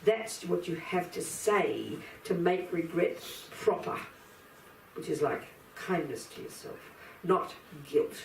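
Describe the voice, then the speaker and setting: A woman giving a Buddhist dharma teaching in an emphatic, animated way, acting out inner voices as she explains. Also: on the low side, slow, vocal fry, slight background noise. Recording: echoey room, speaker far from mic, faint ambience.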